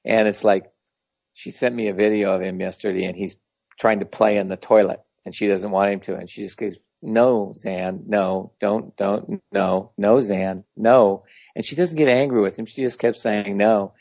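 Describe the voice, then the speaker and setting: Man, gravelly, low voice, blunt rambling storyteller, dry dull lo-fi sound. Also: brisk, darkish tone, no room sound. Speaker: spiritual teacher. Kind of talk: casual storytelling talk. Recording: dull lo-fi audio.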